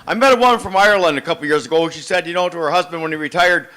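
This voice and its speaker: Older male storyteller, bright and forceful, slightly high, animated speech style. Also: very fast. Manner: animated storyteller acting out the people in his story. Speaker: event speaker.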